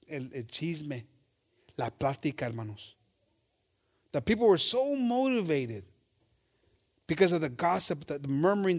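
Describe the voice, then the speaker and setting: A high-voiced man preaches to his congregation, moving between English and Spanish. He reads scripture at a slow, measured pace, then rises into loud, impassioned shouting and acts out the voices of gossipers. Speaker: pastor. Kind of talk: bilingual sermon.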